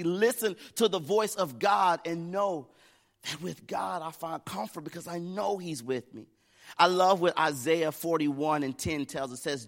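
A man's voice: high-pitched, a little slow, fairly bright tone. A middle-aged man from the United States preaching a sermon, telling a family story in a conversational way that builds to fervent preaching. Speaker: pastor.

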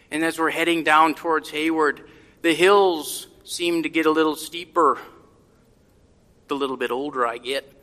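A middle-aged man telling a reflective personal story to a congregation in a gentle, heartfelt, unhurried way. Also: sits high, big-room sound.

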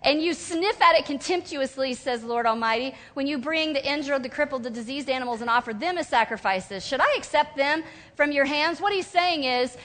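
A woman preaching a sermon in an animated way, acting out whiny voices and sobs now and then. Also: sits high, a little fast. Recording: long hall reverb.

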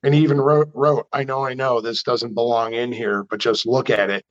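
Animated New storyteller man. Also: medium pitch, moderate pace, dull audio. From New York. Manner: animated, chatty storyteller who acts out quotes. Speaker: custom car builder. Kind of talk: storytelling in an interview.

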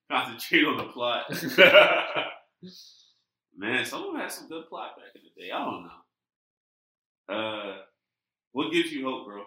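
Animated, bright-voiced man in casual chat. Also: medium pitch, unhurried, pauses often, roomy sound, rough recording. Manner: animated storytelling with voiced quotes. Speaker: podcast co-host.

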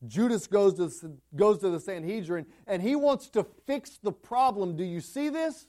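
A man preaching a sermon with a notably high voice. He talks emphatically, pushing some lines loud and pulling others down low and quiet. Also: animated, measured pace, hardly any pauses. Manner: emphatic, swings between loud peaks and quiet drops.

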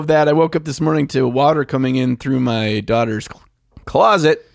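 A man's voice: on the high side, moderate pace, creaky, dry recording, clean studio sound. A man co-hosting a podcast in a playful, rambling way. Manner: playful, rambling, makes silly sound effects. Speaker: podcast co-host. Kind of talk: casual podcast banter. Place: basement studio.

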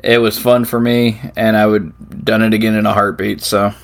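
A man's voice: lowish voice, little pitch movement, moderate pace, vocal fry. Laughing, rambling middle-aged man. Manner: laughs often, rambling storyteller. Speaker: podcast co-host. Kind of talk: casual chat.

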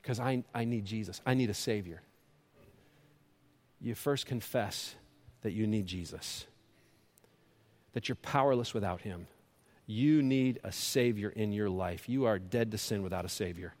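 With a measured pace and long pauses, a man preaches passionately as a pastor. His voice climbs to loud peaks and falls to gentle, low appeals, with words often repeated or restarted.

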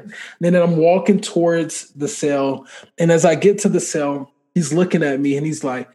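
A man in a casual interview, telling a personal faith story in an animated, conversational way and acting out the dialogue. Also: fairly high pitch, normal speed. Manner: conversational filler-heavy speech. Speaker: podcast guest.

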